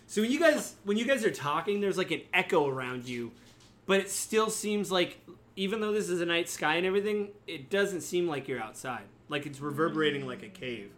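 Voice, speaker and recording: A man running a tabletop game, describing the scene in a loose, rambling way full of fillers. His voice is bright and sits somewhat high. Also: lively intonation, brisk. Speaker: game master.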